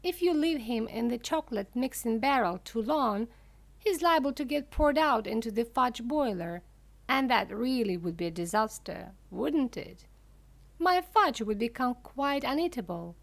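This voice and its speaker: A woman's voice: on the high side, lively intonation, unhurried, creaky, pitched above the performer's own voice. A woman voicing a playful, giggling eccentric man who makes candy, teasing and exclamatory.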